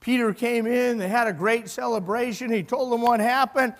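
A male pastor preaching a sermon, retelling a story with animated swings between loud and hushed delivery. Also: very high voice, moderate pace. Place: church sanctuary. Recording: long hall reverb.

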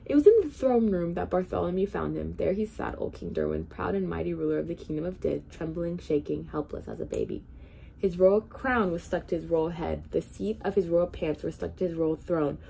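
Mellow-voiced woman reading a storybook. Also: on the low side, fairly quick, gravelly, a little hiss or hum. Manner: expressive, animated read-aloud. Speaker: children's hospital volunteer reader. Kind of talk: storybook read-aloud.

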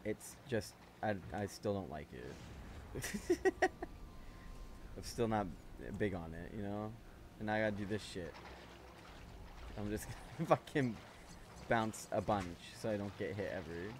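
Low-voiced man, frustrated gaming commentary. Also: a little slow, background noise. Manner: frustrated, heavy swearing, talking to himself. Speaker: gaming channel host. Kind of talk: let's play commentary.

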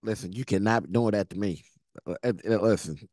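A man's voice: fairly low pitch, a little fast, over music. A man giving casual, slangy commentary while reacting to a movie, laughing often.

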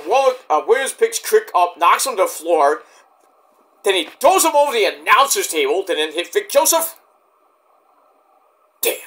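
A man's voice: high-pitched, a bit bright. A man casually reviewing a wrestling show in a rambling, filler-heavy way, saying he is dead tired.

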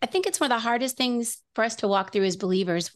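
A woman's voice: on the high side, quick pace. A middle-aged woman telling an earnest personal story as a guest on a faith talk show, often restarting her sentences.

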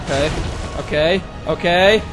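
A man commenting as he plays a video game, excitable, yelling, swearing and laughing at it, with game music behind him. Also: a little high, measured pace. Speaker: gaming video host. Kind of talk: live let's-play commentary.

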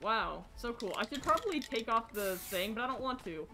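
A woman streaming a video game, muttering to herself and shouting in confused frustration. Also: fairly high pitch, sing-song, a little fast, few pauses, music in the background. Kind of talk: casual gaming stream commentary.

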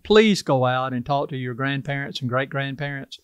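A man's voice: medium pitch, moderate pace, smooth, no echo, clean studio sound. An older man from South Carolina with a Carolina Southern accent, talking in a folksy, earnest way as an interview guest. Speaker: tribal chief, interview guest. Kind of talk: casual interview talk.

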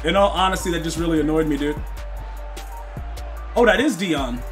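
Talking to his live audience while playing a football video game, this young man is hyped, slangy, and prone to saying things twice. His pitch sits a little high, his pace is normal, and soft music plays in the background.

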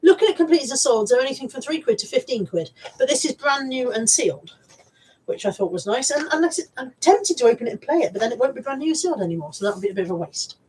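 In a rough recording, a woman with a Bristol accent talks fast and expressively, her high voice darkish and husky. She rambles through her thrift haul on a casual live stream, restarting and repeating words and reading out what viewers comment.

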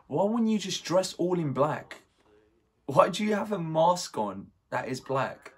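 A young man hosting a casual movie reaction, excitable and swearing, with lots of "like" fillers. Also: on the high side, slow, long pauses, husky.

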